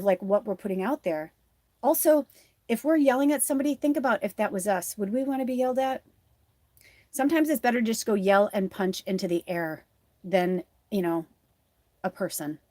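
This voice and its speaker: Lively in intonation and fairly quick, a woman's darkish mid-range voice, with no echo, carries a live tarot reading. As a tarot reader and spiritual medium, she rambles chattily with many fillers and earnestly encourages viewers.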